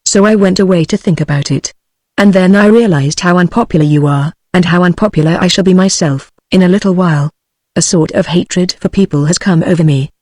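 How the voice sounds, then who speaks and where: A text-to-speech woman's voice with a British English accent, reading a novel aloud in an even, machine-like delivery. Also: lowish voice, a little fast, no echo, clean studio sound. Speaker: audiobook narrator.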